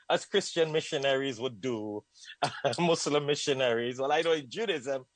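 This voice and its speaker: This is a man from Trinidad whose speech slides between Trinidadian, British and American sounds. He tells his own story as a guest, animated and quick to laugh, with a habit of repeating himself. His voice sits in an ordinary middle range and comes across dry and close. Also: mid-range voice, no room sound, rough recording. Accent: Trinidadian mixed with British and American. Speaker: guest, Muslim scholar. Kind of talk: conversational storytelling.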